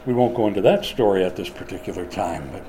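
A man's voice: deep voice, quick pace, background noise. An older man preaching a sermon in a folksy, storytelling way. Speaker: pastor.

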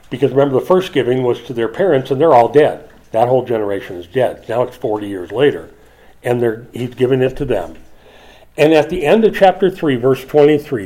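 An older man preaching a sermon as a pastor, dropping soft for asides and rising high when he pleads. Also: low-quality recording.

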